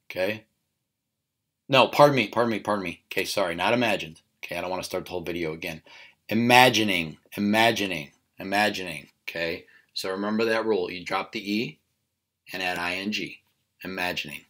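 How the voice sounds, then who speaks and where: A man with a fairly low voice walks students through spelling rules. He says each word again and again and keeps asking "okay?" to check they follow. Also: a bit bright. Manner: repeats words slowly, checks in with "okay?". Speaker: teacher. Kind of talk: recorded spelling lesson.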